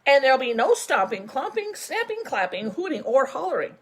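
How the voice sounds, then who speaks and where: A woman's voice: sits high, very animated, normal speed, pitched above the performer's own voice. A woman voicing a stern grown man farmer who lays down rules in a firm, announcing tone.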